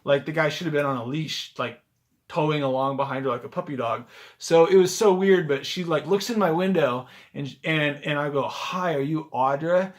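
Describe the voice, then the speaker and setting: A man with a slightly high voice tells a story straight to his camera, in a loose, chatty way. He fills his sentences with "like" and keeps a casual vlog tone. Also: brisk. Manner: chatty, animated, lots of "like" fillers. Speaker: rideshare driver vlogger. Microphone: handheld camera on a gimbal.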